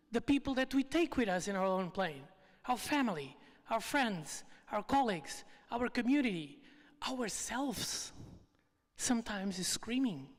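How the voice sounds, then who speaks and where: Speaker, lively storytelling, mid-range pitch, echoing event hall. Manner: lively, non-native phrasing. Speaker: storyteller speaker at a retreat evening. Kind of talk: live storytelling talk. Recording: long reverb from a live hall.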